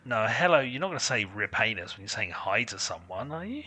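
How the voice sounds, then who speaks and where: A man appearing as a podcast guest in casual chat, making dry, deadpan quips. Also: lowish voice, brisk, lo-fi sound, slight background noise.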